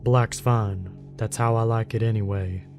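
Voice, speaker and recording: A man voicing a huge, rough male mountain guardian with a deep rumbling voice, a thick rural accent and a blunt, serious, folksy way of talking. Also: steady tone, measured pace, darkish tone, soft background music, close to an everyday voice.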